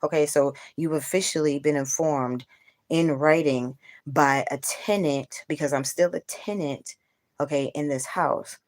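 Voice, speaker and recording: A woman's voice: sits low, fairly even intonation, measured pace, a little mellow. A woman hosting a casual livestream, venting bluntly to her viewers with plenty of profanity. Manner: talks straight to viewers. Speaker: livestream host.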